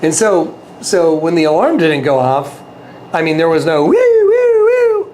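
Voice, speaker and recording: Sitting on the high side with a darkish tone, his voice moves at a moderate pace. He's a sincere interview guest casually recounting something from his own life, often circling back to repeat himself and voicing the dialogue he quotes.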